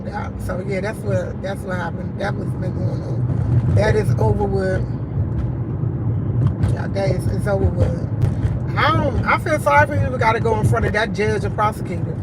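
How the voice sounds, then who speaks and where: A woman's voice: mid-range voice, normal speed. Indignant chatty woman, noisy street. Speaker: vlogger. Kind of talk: casual live-stream chat.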